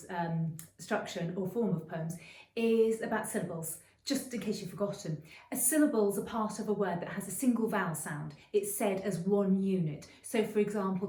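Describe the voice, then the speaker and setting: A middle-aged woman teaching creative writing in a chatty, explanatory video lesson, often pausing with ums and restarting phrases. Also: mid-range voice, dark tone, distant mic. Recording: roomy echo, voice a bit off-mic.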